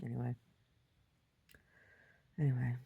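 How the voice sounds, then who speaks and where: A woman with an unusually low voice talks through a casual video diary, wandering from story to story. Her voice has a gravelly, creaky edge, and she stops and restarts her sentences often. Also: little pitch movement, phone-quality sound. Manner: halting, full of restarts and "like", shouts when acting out quotes. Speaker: video diarist.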